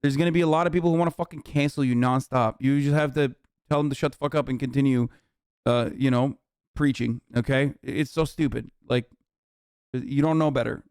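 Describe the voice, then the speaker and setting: A man's voice: mid-range voice, fairly even intonation, brisk, a little mellow, clean tone, no room sound, studio quality. A man hosting a livestream, reacting in casual, profane, heated commentary with a mocking edge. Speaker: streamer host.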